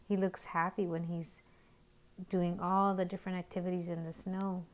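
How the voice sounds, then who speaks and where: A woman educator reading a picture book aloud to young children, gently pointing out the pictures. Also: on the low side, level tone, normal speed. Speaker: early years educator.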